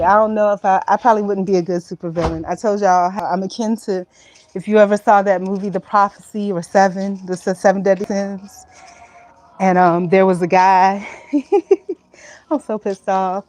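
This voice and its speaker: A frank woman in her fifties chats casually at home in a middle-pitched voice. She rambles from thought to thought, laughs easily and swears without fuss. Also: steady tone, moderate pace, darkish tone, poor audio. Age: 50s. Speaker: vlogger. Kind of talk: casual talk to camera. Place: at home, indoors.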